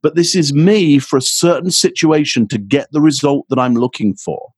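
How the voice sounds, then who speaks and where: Male expert guest, husky, lively, close dry sound. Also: moderate pace, no echo. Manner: energetic, acts out quoted exchanges with rising pitch. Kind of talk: animated interview answer.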